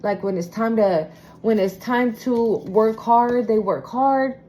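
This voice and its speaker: A woman's voice: fairly high pitch, slow pace, mellow, a little hiss or hum, poor audio. A woman giving a casual spoken tarot reading, talking bluntly and emphatically with plenty of swearing. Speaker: tarot reader.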